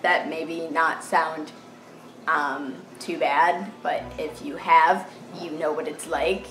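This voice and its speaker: A fifteen-year-old girl telling a storytime vlog, animated and dramatic, full of "like" fillers, recorded on a camera mic in a bedroom. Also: fairly low pitch. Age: teens. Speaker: vlogger. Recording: echoey room with faint hiss.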